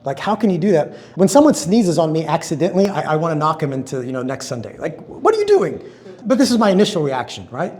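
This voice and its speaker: A man giving a conference talk in a storytelling sermon style, acting out quotes with big swings in pitch and loudness. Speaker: conference speaker.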